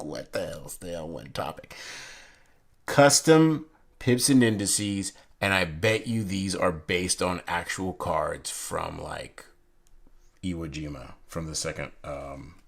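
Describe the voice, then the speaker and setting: A young man's low-pitched, slightly bright voice with a breathy edge carries a casual unboxing chat about a deck of playing cards. He wanders between stories, using many fillers and restarting often.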